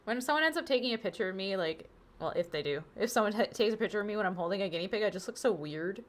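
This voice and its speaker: A woman's voice: medium pitch, expressive, very fast. A woman chatting casually on a live game stream through a wireless headset, bubbly and talkative, cooing now and then at her pet.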